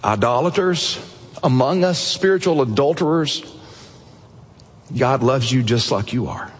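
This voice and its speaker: Husky-voiced pastor in a reverberant hall. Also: male voice, lively intonation, unhurried. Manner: storytelling, earnest, drops low and soft at emotional points. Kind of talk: sermon.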